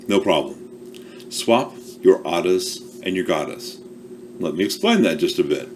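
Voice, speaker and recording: A man's voice: sits low, lively intonation, a little slow, a little hiss or hum. A man coaching small businesses on marketing in a chatty, self-deprecating, casual talk to camera. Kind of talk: casual talking-to-camera advice.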